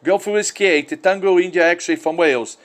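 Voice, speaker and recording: A man's voice: high voice, moderate pace. Brazilian man on a ham radio contact. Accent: Brazilian Portuguese. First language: Portuguese. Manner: friendly, repeats "okay" and "roger", spells call signs. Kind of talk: amateur radio contact over satellite.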